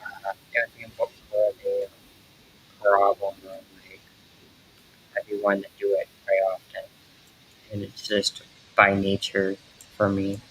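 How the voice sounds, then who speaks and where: A man streaming while he draws, chatting casually in a halting, rambling way full of fillers. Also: lowish voice, completely flat delivery, fairly bright tone, muffled recording, slight background noise. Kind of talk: casual live-stream chat while drawing.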